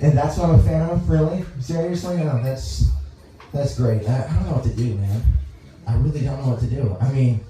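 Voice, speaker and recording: A young man from Dallas doing a stand-up comedy set, rambling, halting and crude as he talks to the crowd on a club stage. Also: mid-range voice, dark tone, a little hiss or hum. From Dallas, Texas. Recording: echoey room, mic heard from far off.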